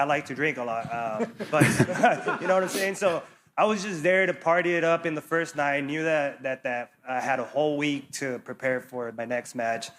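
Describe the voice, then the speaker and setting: A man's voice: mid-range voice, a bit bright. A young man, a fighter, answering at a press conference in a loose, rambling way with lots of fillers and laughs.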